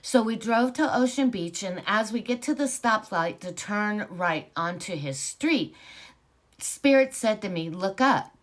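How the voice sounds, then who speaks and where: A woman in her sixties casually telling her own spiritual story, rambling with many fillers and growing animated at times. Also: mid-range voice, measured pace. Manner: rambling, filler-heavy, animated when excited.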